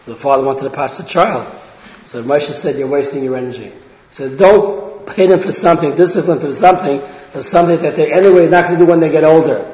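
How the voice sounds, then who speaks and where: Earnest guy teaching parents, keeps restarting lines, boomy long-reverb hall. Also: quick pace, a little mellow. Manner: earnest, repeats and restarts phrases, acts out quoted speech. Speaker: religious lecturer. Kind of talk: talk on parenting to an audience. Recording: roomy hall, dull lo-fi sound.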